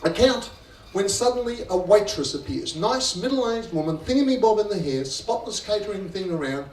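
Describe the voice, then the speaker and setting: Brief: Australian man, guest speaker at a fundraiser, theatrical storyteller. Fairly high voice, heard from a distance in a roomy hall. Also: animated, normal speed, a little mellow. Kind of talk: after-dinner storytelling speech. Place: function room at a fundraiser. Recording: roomy hall, distant mic, faint ambience.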